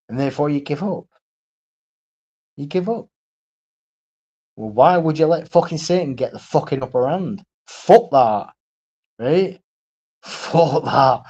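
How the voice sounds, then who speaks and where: A man's voice: medium pitch, darkish tone, muffled recording. A man ranting on his own live stream, blunt and profane, repeating himself and asking "right?" again and again. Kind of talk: solo livestream rant.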